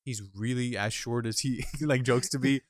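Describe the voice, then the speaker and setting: A man co-hosting a laid-back podcast, spinning anecdotes with lots of laughter. His voice sits at an ordinary middle pitch. The sound is close and dry, with no room around it. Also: normal speed, no echo. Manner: animated storyteller, laughs often. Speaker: podcast co-host. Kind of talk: casual chat. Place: Midwest.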